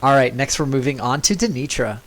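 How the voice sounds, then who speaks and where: A man's voice: mid-range voice, animated, fairly quick, a bit bright, a little hiss or hum. A man hosting a live tabletop game stream as game master, upbeat and teasing.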